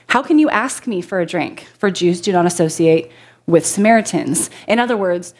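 A woman's voice: mid-range voice, darkish tone. A woman preaching a sermon to a congregation, reading scripture and talking in a conversational way that jokes with the listeners. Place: church before a congregation.

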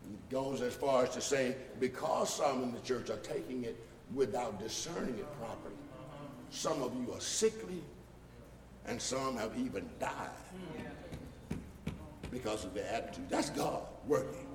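A male pastor preaching a sermon, building from quiet explaining to loud shouted points and mocking the voices of critics. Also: medium pitch, measured pace, noisy background. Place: church sanctuary. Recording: echoey hall from far off.

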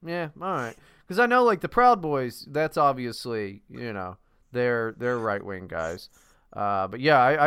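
A man co-hosts a podcast in loose, rambling talk. He swears freely and laughs a lot, and his pitch jumps around a great deal. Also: a bit bright, clean tone. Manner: rambling, profane, laughs often. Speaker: podcast co-host. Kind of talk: casual podcast chat.

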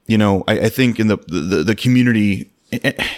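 A man hosting a podcast in casual chat, measured, circling his point with many fillers and restarts. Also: on the low side. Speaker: podcast host.

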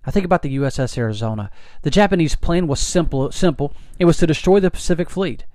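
A man's voice: a little high, animated, fast talker, mellow, no echo, clean studio sound. A man giving an impassioned patriotic speech, earnest and emphatic, often restarting his sentences. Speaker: speaker.

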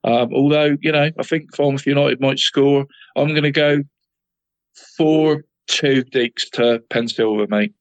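A man co-hosting a relaxed football chat, talking at a middling pitch. He sprinkles "mate" through every sentence and trips over his words before getting them out. The sound is dry and close, with no room around it. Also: unhurried, no room sound, poor audio. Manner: chatty, keeps adding "mate", stumbles and restarts words. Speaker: football podcast co-host.

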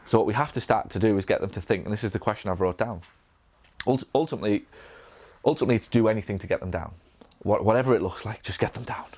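A man from England with a Northern English accent, coaching physio business owners in a live Q&A, energetic, with many restarts and acted-out patient lines. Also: on the low side, fast talker, husky. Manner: energetic, repetitive restarts, acts out patient dialogue. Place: event room.

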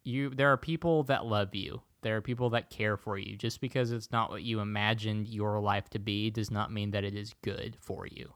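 A man from Tennessee casually retelling a movie plot to a friend, rambling with fillers and quick quoted voices. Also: on the low side, fairly even intonation, a bit bright, no room sound, studio quality. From Chattanooga, Tennessee.

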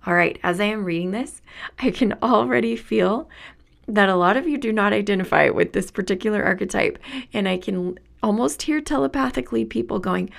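Spiritual podcast lady, super creaky voice, earnest and excited, laughs a lot. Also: mid-range voice, normal speed. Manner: earnest, enthusiastic, laughs often. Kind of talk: reflective spiritual monologue.

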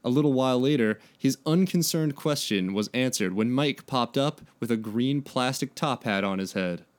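A man's voice: medium pitch, lively intonation, moderate pace. A man in his late twenties co-hosting a comedy podcast, reading fan fiction aloud and joking with laughter. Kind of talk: comic reading and banter.

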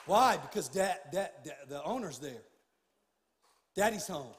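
High-voiced pastor preaching in a reverberant hall. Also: male voice, expressive, a little slow, fairly bright tone, a faint crowd, a little hiss or hum. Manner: preaching with rising fervor, casual folksy asides. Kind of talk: sermon. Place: large church sanctuary.

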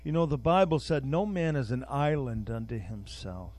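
A man's voice: mid-range voice, moderate pace, darkish tone, no room sound. An older man preaching an informal sermon, speaking conversationally and repeating words while searching for them, with a prayer woven in.

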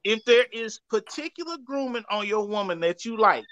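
A man's voice: high voice, animated, moderate pace, lo-fi sound, noisy background. A man co-hosting a casual panel chat, talking emphatically and repeatedly addressing the men listening. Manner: emphatic, repeats "I'ma tell you right now", addresses the fellas. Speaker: podcast co-host.

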